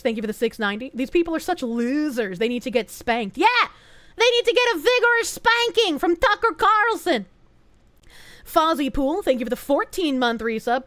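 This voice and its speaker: High, lively playful woman streamer. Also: no echo. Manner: playful and bubbly, cutesy baby talk. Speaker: VTuber streamer. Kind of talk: casual live-stream chat, thanking donors.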